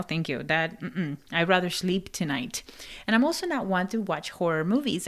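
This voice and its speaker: A woman's voice: mid-range voice, darkish tone. A woman hosting a podcast in a casual monologue, speaking English as a second language with an accent, laughing and sometimes dropping to a whisper for emphasis. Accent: non-native English accent. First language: not English. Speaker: podcast host and life coach.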